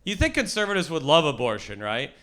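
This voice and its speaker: A young man performing a crude stand-up comedy set with quick crowd-work asides, over audience laughter. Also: fairly high pitch, wildly swooping pitch, heavy background noise. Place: live comedy show with audience. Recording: loud crowd laughter, live show. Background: loud audience laughter.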